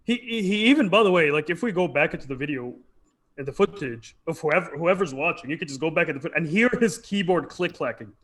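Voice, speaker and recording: Man, quick animated storyteller, high voice, rapid pace, casual commentary. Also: slight background noise. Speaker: channel host.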